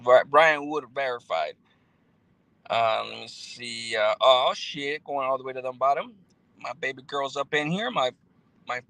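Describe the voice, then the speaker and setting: A man's voice: medium pitch, gravelly, bright, forceful tone, no room sound, low-quality recording. A man, chatting casually on a livestream as he reads and answers viewer comments, laid-back and full of slang and fillers. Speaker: YouTuber reading live chat.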